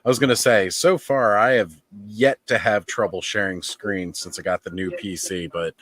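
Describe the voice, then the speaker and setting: A man hosting a livestream, chatting casually about toy collecting in a relaxed, rambling way. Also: lowish voice, normal speed, no echo. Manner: relaxed, rambling, thinks aloud. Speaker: livestream host.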